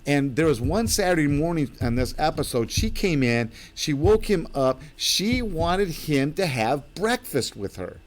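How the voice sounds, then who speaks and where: A man's voice: on the high side, very animated, unhurried, hardly any pauses. A man hosting his own live stream, chatting loosely and rambling through stories with lots of fillers. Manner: rambling, full of fillers and restarts. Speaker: host of his own channel. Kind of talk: live-stream casual chat.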